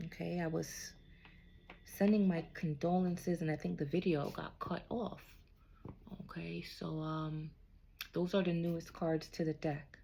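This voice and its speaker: A woman's voice: fairly low pitch, fairly even intonation, a little slow, creaky, warm tone, slight background noise. A woman giving a casual spiritual card reading to an unseen listener, reassuring and often checking in with "okay?". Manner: reassuring, talks to an unseen "somebody", keeps asking "okay?".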